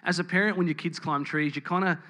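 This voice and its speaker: A man's voice: fairly high pitch, steady tone, fast, bright, forceful tone. A man preaching a sermon in church, candid and storytelling, with frequent ums and restarts. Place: church building with congregation.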